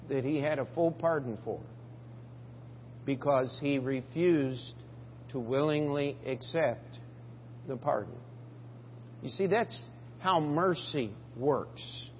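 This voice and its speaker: Slow-preaching pastor in a reverberant hall. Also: male voice, fairly high pitch. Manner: halting delivery with many "uh" fillers and restarts. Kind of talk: sermon. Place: church sanctuary. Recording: dull lo-fi church recording with long reverb and faint hum.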